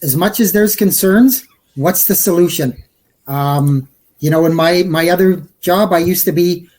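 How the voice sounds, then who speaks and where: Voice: medium pitch, unhurried, darkish tone. A guest on a casual podcast chat who talks earnestly and thinks aloud.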